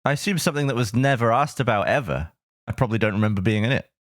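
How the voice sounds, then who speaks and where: A man's voice: medium pitch, rapid-fire, no echo, studio quality. A man co-hosting a podcast, chatting casually and laughing through his stories. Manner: laughing, conversational storyteller. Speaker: podcast co-host.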